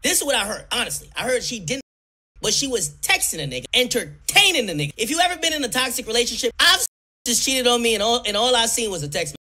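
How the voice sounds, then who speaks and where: Guy dishing gossip, breathy bright voice, all over the place, swearing a lot. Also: extremely high pitch, very animated, quick pace. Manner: loose, profane storytelling with stumbles. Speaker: streamer. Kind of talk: gossip commentary.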